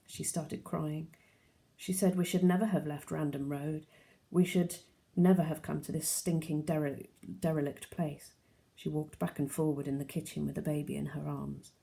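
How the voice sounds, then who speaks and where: A woman teacher reading a novel aloud to her class in a steady, plain storytelling manner. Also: deep voice, normal speed, vocal fry.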